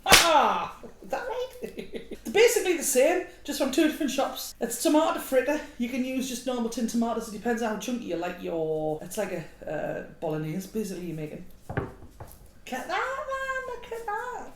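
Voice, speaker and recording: A woman's voice: fairly high pitch, brisk. A woman hosting a casual home cooking vlog, chatty and self-mocking with frequent giggles. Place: home kitchen. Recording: echoey room, noisy background.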